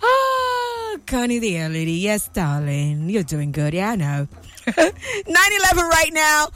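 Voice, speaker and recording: A woman hosting a live morning radio show in a studio, exuberant and often shouting and laughing between her words. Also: on the high side, huge pitch swings, unhurried, soft background music. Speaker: radio host.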